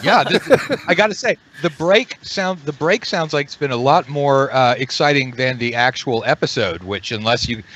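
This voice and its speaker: A man's voice: medium pitch, moderate pace, few pauses, fairly bright tone, highs cut off. A man running an online tabletop game as game master, rambling and repeating words as he jokes with players.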